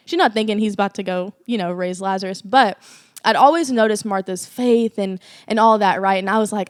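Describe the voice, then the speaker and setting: A woman's voice: medium pitch, steady tone, a little fast, no room sound, clean studio sound. A young woman co-hosting a faith podcast, telling a personal story in earnest casual chat with lots of fillers. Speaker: podcast co-host.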